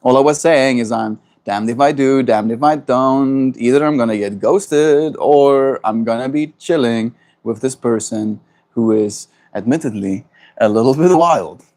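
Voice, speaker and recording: South african guy w afrikaans accent on a chill stream, reading chat and joking around, laughs a lot, mid pitched voice. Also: a little slow, a little mellow. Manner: playful and chatty, laughs often, answers viewers directly. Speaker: livestreamer. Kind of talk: casual livestream chat, reading chat messages aloud. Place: at home.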